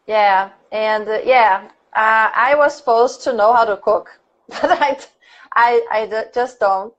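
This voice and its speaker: Brazilian woman host, slightly high voice, easy laughter, lo-fi dull sound. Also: takes it slowly. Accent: Brazilian Portuguese. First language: Portuguese. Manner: laughs easily, reads out viewer questions. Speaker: livestream host. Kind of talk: casual livestream conversation.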